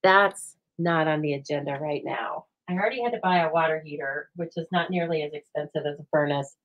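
Female craft host, lowish voice, animated, rambling talker, live from her home craft room. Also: brisk, dull audio. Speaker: host of a live stamping show. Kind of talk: chatty live crafting demo.

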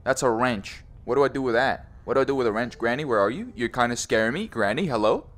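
A man's voice: medium pitch, expressive, quick pace, a bit bright. A young man commenting on a horror VR game, joking, swearing and teasing, often saying bro. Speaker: gaming YouTuber.

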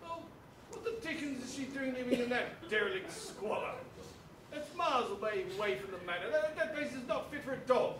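A man's voice: extremely high pitch, lively intonation, fairly quick, a crowd in the background. A man on stage playing a blustering, pompous old army major, recorded in an echoey theatre from far off with some noise. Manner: plummy, bombastic, hesitant fillers. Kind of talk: amateur stage acting. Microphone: far camera. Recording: echoey hall from far off, noisy.

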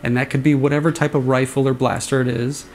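Gravelly-voiced man rambling casually. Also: medium pitch, quick pace, soft background music. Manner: relaxed, rambling, imitates swing sounds with his voice. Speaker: saber sound font designer. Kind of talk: casual explanatory demo talk.

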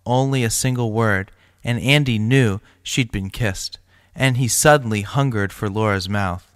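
A male teacher reading a short story aloud to his class in a steady, plain way. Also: fairly low pitch, unhurried, clean tone, dry recording, studio quality.

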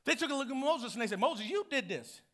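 High bright-voiced pastor preaching. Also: male voice, very animated, quick pace. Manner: call-and-response preaching, swings from hushed to shouting. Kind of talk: sermon.

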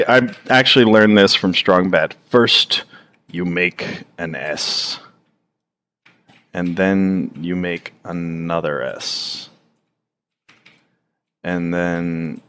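A man's voice: deep voice, a bit bright. A man giving casual, rambling commentary while he draws, swearing freely and trailing off into fillers. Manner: rambling, profane, halting with many fillers. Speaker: streamer drawing on stream.

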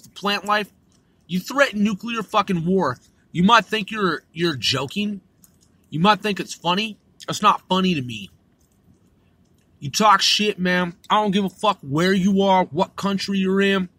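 A man's voice: sits high, sharp tone, slightly rough, no echo. A man from the United States delivering an angry, profane monologue full of repeated threats. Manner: profane, aggressive, repetitive threats. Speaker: host.

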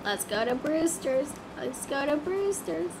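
A woman's voice: high voice, animated, measured pace, vocal fry, background noise. A woman chatting casually on a game livestream, easily flustered and singing snatches of songs.

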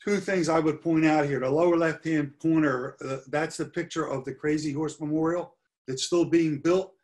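A man's voice: on the high side, fairly even intonation, normal speed, a little mellow. A middle-aged man giving a history lecture over slides, earnest and stressing key points by repeating them. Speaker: history presenter.

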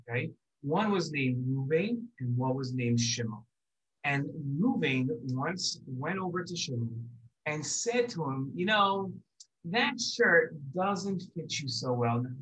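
A man hosting a children's show, telling a story and acting out the characters with lively voices. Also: a little high. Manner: animated, acts out characters in raised voices. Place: synagogue video set.

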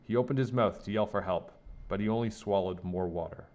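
A man reading a children's picture book aloud in a lively, sing-song way. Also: lowish voice, a little fast. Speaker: storybook reader. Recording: dull lo-fi recording.

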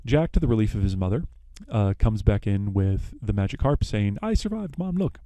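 Mellow-voiced young man rambling through a plot. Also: on the low side, moderate pace, no room sound. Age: young adult. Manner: rambling, with many fillers and self-corrections. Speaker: podcast host. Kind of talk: casual plot retelling.

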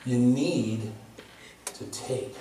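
A male pastor preaching a sermon, telling a story with lively, laughing delivery. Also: mid-range voice, drawn-out words, a little hiss or hum. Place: church. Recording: echoey hall from far off.

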